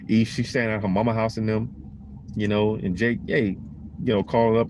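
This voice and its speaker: A man talks through a loose, sermon-like monologue, slangy and emphatic, circling back over his points. His voice sits on the low side. Faint background noise runs underneath. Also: normal speed, vocal fry, lo-fi sound. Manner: rambling, emphatic, slangy, repeats "man" and "you know". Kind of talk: casual preaching monologue.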